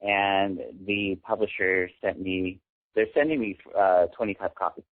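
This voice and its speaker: A man's voice: sits low, flat delivery, unhurried, no echo. A young man calling into a radio show, speaking hesitantly and searching for his words. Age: young adult. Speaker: caller. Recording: tinny phone line.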